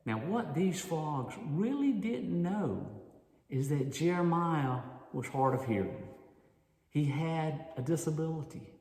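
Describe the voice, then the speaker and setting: A man telling a story to an audience at a conference, animated and drawing the crowd in. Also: medium pitch, a little slow. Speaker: speaker at a volunteer leader conference. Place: large hall. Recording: echoey hall with long reverb.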